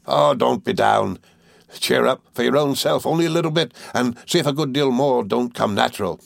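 A man's voice: moderate pace, gravelly, no room sound. A man doing a hearty old fisherman. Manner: broad rustic dialect, booming laughs. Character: hearty old male fisherman, warm and jovial.

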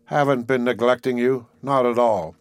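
A man reading the part of a heavily drunk young man who speaks thickly and haltingly. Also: mid-range voice, steady tone, no echo, natural voice. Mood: weary. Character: heavy, drunk young man, weary and slurring.

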